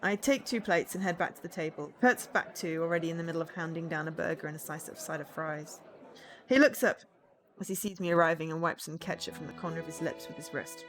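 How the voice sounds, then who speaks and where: A woman's voice: deep voice, quick pace. Brief: female streamer, playful reader of game text, joking asides, faint music underneath. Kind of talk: reading a visual novel aloud with commentary.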